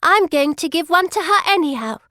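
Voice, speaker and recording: A woman voicing a sweet, earnest little girl with a high piping voice. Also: expressive, fairly quick, bright, forceful tone, no echo, clean studio sound, heavily acted.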